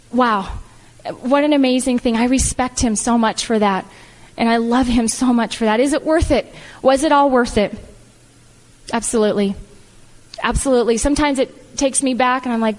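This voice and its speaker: A middle-aged woman with a high, bright voice delivers a heartfelt motivational speech, piling up emphatic declarations. Her voice rings out with the long reverb of a big hall. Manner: heartfelt, animated, repetitive "I love" phrasing. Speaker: speaker at a business event.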